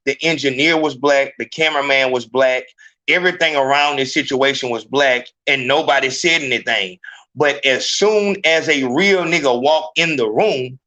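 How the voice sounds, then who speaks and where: A man hosting a live podcast, ranting in a profane, emphatic, animated way. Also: on the high side. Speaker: podcast host. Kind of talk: heated live podcast rant.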